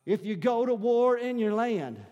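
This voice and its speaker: A male pastor preaches with a notably high voice, moving between intimate asides and rising, fervent shouts. His words ring out with a long hall reverb behind them, as if he stands in a large sanctuary. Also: expressive, moderate pace, muffled recording. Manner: preaching, swelling into loud shouting at climaxes. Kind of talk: sermon.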